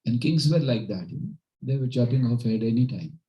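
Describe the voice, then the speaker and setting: A man telling devotional stories at a home gathering, animated and acting out the characters' voices. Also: medium pitch, fairly quick, lo-fi sound. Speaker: spiritual teacher. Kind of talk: devotional storytelling talk.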